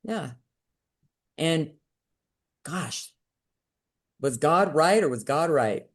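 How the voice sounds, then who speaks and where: On a podcast, a middle-aged woman guest candidly recounts a personal story, speaking slowly and expressively. She acts out quoted voices with sudden jumps in pitch.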